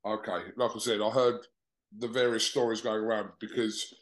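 A man's voice: on the low side, level tone, normal speed. A man interviewing a boxer remotely, easygoing and polite as he steers the talk.

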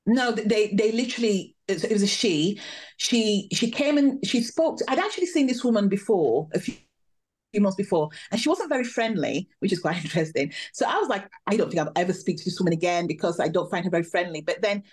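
A woman, a podcast guest, telling a personal story in a lively, animated way. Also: medium pitch, a little fast. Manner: animated, vivid storytelling with laughs. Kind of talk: storytelling interview.

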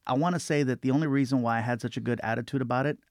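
Man, comedian guest, relaxed, self-deprecating, dry close mic. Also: medium pitch, rapid-fire, no echo. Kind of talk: casual interview chat.

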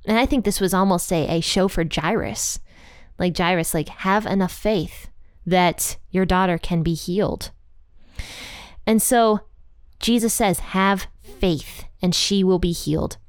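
A woman's voice: on the low side, measured pace, dry recording, studio quality. Chatty woman teaching the Bible. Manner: chatty, full of "like" and "you know", laughs at the story. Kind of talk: casual Bible commentary.

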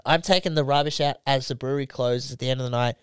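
A man's voice: mid-range voice, fairly even intonation, fast, clear, resonant tone, no room sound, clean studio sound. A young man co-hosting a podcast, telling a story in laid-back, heavily sworn casual banter. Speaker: podcast co-host.

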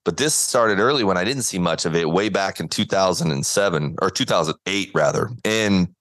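A man's voice: low-pitched, brisk, fairly bright tone, no echo. A man, a guest on an interview podcast, telling a story earnestly and acting out the quotes. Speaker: guest, former baseball pitcher. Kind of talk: conversational interview.

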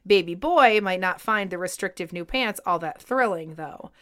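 A woman co-hosting a podcast, reading scripted history narration in a clear, even way. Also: lowish voice, moderate pace. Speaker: podcast co-host.

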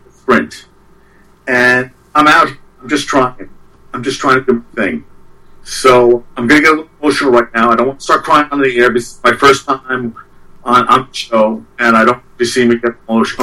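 A man's voice: mid-range voice, bright, forceful tone, distant mic, rough recording. A man who is a guest on a talk show, giving a rambling, self-deprecating comedic rant.

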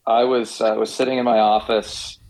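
A middle-aged man, a company founder guesting on a podcast, telling his story hesitantly with many pauses. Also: fairly low pitch, flat delivery, darkish tone, rough recording. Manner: hesitant, many fillers and restarts. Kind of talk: casual podcast interview.

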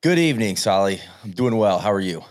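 A man co-hosting a golf podcast, talking in a relaxed, rambling way with many fillers. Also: lowish voice, a little fast. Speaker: podcast co-host. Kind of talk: casual golf podcast chat.

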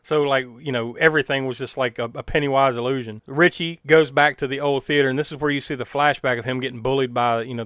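A man's voice: mid-range voice, a bit bright, smooth, no echo. Casual rambling man, dry close sound. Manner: rambling, filler-heavy, laughs often. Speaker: podcast co-host recapping a film. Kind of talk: casual chat.

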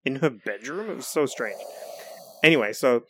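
A man's voice: medium pitch, animated, moderate pace, bright, forceful tone, breathy edge, no echo. Dry-sounding New Zealand man chatting. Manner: loose and rambling, full of "like" and restarts. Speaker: podcast co-host. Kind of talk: casual chat recapping reality TV.

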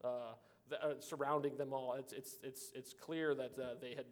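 A man's voice: medium pitch, flat delivery, normal speed. A man co-hosting a casual chat, rambling and self-deprecating as he shares movie trivia. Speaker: podcast co-host.

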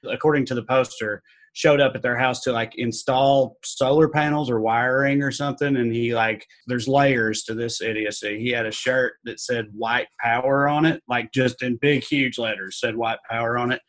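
A man in casual podcast chat, telling stories in an animated way with many fillers. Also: mid-range voice, moderate pace, few pauses.

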